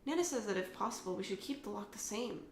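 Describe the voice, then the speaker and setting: A woman's voice: mid-range voice, expressive, quick pace, echoey room, slight background noise, close to an everyday voice. A woman voicing a serious, dutiful young family heir who presses her point earnestly. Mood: pressing.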